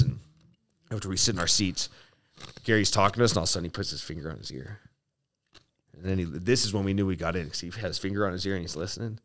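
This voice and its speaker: A man from Spokane telling a profane, animated story in casual chat, often acting out what others said. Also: low-pitched, a little hiss or hum. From Spokane, Washington. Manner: animated, profane, lots of "like", acts out quotes. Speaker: guest.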